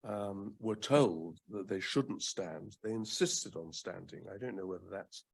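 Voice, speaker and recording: In a fireside chat, a former advocate from the UK, an older man, talks in a measured way, full of "um" pauses and repeated words for emphasis. His voice is low-pitched and gravelly with a breathy edge.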